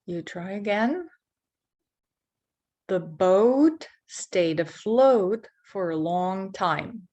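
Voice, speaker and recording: Slow, careful woman teaching pronunciation. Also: mid-range voice, expressive, a little mellow, highs cut off. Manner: slow, deliberate, repeats words to model sounds. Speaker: English teacher. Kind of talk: pronunciation lesson.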